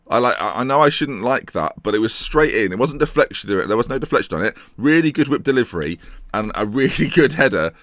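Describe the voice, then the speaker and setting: A young man giving excitable, jokey let's-play commentary on a football management game, thinking aloud as he goes. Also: medium pitch, no echo, clean studio sound. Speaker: gaming YouTuber.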